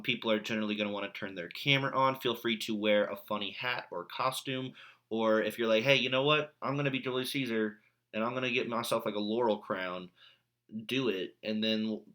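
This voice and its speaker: A man's voice: lowish voice, pushed and bright. Chatty man teaching a recorded lesson. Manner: casual, chatty, mildly sarcastic. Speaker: English teacher.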